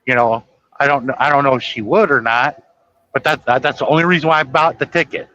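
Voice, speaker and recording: Bright-voiced man spinning a rambling story. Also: mid-range voice, fairly even intonation, fast, highs cut off, a little hiss or hum. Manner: rambling storyteller, acts out quoted dialogue. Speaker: guest storyteller. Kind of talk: casual chat.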